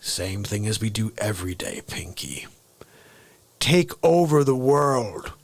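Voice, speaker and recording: Man doing a deep pompous cartoon mouse mastermind, low, slow, theatrical, dry. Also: big pitch swings, creaky, no room sound, exaggerated voice. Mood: scheming. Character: scheming, pompous male cartoon lab mouse genius.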